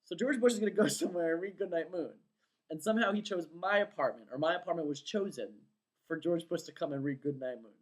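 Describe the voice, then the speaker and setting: In a casual vlog, a woman with a lowish voice talks fast as she tells a long story about a dream. She rambles, uses lots of fillers, and breaks into excited quoted outbursts.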